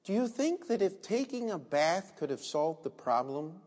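A man's voice: high-pitched, sing-song, moderate pace, a little mellow. A man preaching a sermon as a pastor, telling the story vividly and asking the congregation rhetorical questions. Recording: long reverb in a large hall.

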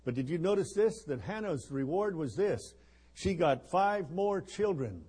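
A man's voice: a little high, very animated, a little slow, mellow, breathy edge. A man in his seventies preaching a folksy sermon at a missions conference, joking and rambling with chuckles and fillers.

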